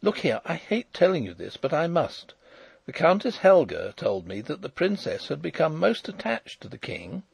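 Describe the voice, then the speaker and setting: An eager young nobleman and loyal friend speaks earnestly in a raised, lively voice that swoops up and down, as a male reader puts him on. There is a gravelly, husky edge, and the recording is dry. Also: fairly high pitch, normal speed, no echo, voice pushed up, heavily acted. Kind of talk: audiobook character reading.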